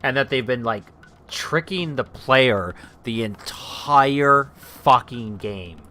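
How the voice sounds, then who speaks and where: A man's voice: mid-range voice, expressive, slow, bright, forceful tone. A man co-hosting a let's play, chatting casually and swearing now and then as he plays. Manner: laid-back, drawling, swears casually. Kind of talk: casual gameplay chat.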